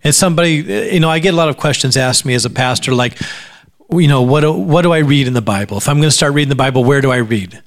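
Speaking fast in a mid-range voice, a man preaches a sermon as a pastor at a church service. His style is conversational, with frequent repeated words at the start of sentences and dry sarcasm along the way.

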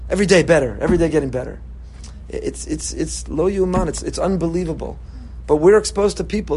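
A rabbi delivers an impassioned Torah talk, repeating phrases for emphasis and weaving in Hebrew terms. His male voice is a little high, with a darkish, husky tone.

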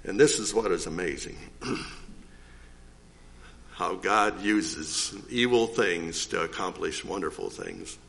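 An older man giving a rambling, folksy testimony in church, clearing his throat often. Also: deep voice, sing-song, takes it slowly, a bit bright. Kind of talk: informal testimony.

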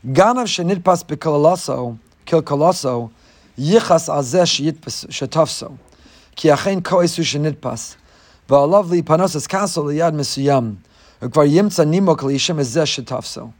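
A man's voice: a little high, a little mellow. A man giving a Torah lecture, reading Hebrew texts and explaining them in English, his voice rising sharply on rhetorical questions. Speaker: rabbi giving a Torah class.

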